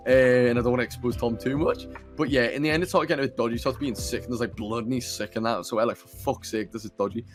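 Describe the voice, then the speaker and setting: A man's voice: medium pitch, steady tone, very fast, few pauses, over music. A young man hosting a podcast, telling a story in a rambling, sweary way full of fillers. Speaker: podcast host. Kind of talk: casual storytelling. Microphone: computer camera mic.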